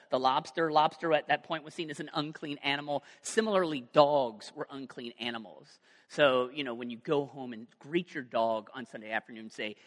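A male pastor delivering a sermon with a bright, forceful tone, slipping into casual jokes and asides. His voice sits a little high for a man and rings out with a long reverb, as in a large church hall. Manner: conversational and joking, lively asides.

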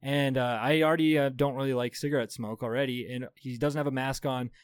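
Here a man around thirty co-hosts a podcast, talking a little fast in a mid-range, clean-toned voice. His casual chat is full of profane, animated stories and frequent laughs, recorded in clean studio sound with no echo.

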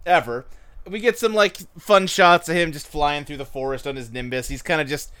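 A man co-hosting a casual podcast, recapping an episode in an animated, laughing way. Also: fairly high pitch, normal speed, clear, resonant tone. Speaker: podcast co-host.

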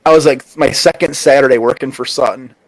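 A man's voice: medium pitch, fairly even intonation, dry recording, low-quality recording. A man who drives trucks, chatting casually with friends in a blunt, profane way. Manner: blunt, swears, drawn-out asides. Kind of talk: casual chat among friends.

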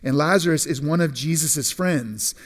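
A man preaching a sermon in a conversational way, often restarting and repeating words, and slowing down to stress key phrases. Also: on the high side. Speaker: pastor.

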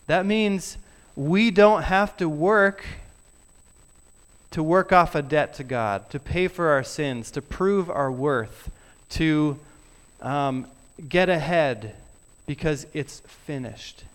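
Pastor, male, unhurried sermon delivery, smooth and clear, softens on key words. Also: fairly high pitch. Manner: earnest, drops to soft emphasis on key words. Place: church sanctuary.

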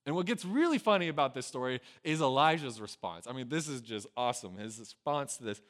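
A man preaching a casual storytelling sermon, conversational and peppered with "right?", who swings from loud acted lines to quiet, low asides. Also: expressive, brisk. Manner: conversational, with a frequent tag "right?". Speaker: pastor.

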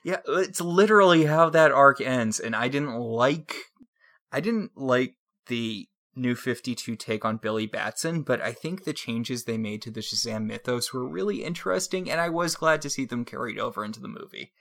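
A man co-hosting a casual podcast chat, deadpan and rambling through jokes. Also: mid-range voice, moderate pace, creaky. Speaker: podcast co-host.

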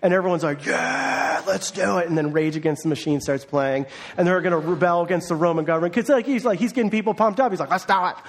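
A man preaches a sermon in a loose, conversational way and slips into playful voices when he quotes people. His voice sits high for a man. He talks like a pastor speaking to his own congregation. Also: fast talker, hardly any pauses. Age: adult, parent of a young child.

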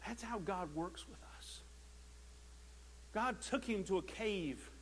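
A male pastor preaching a sermon, impassioned, swinging from loud declarations to hushed tones and often repeating words as he starts a phrase. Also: high voice, takes it slowly, slight background noise, low-quality recording.

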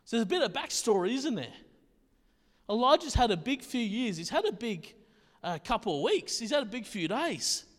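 Male pastor, high voice, chatty laid-back preaching, long hall echo. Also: very animated, moderate pace. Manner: casual, conversational, often checks in with "right?". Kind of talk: sermon.

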